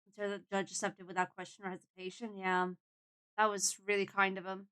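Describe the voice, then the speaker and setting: A woman's voice: mid-range voice, flat delivery, fairly quick, sharp tone, clean tone. A young adult woman streaming a game, chatting in a casual, emotional, reflective way.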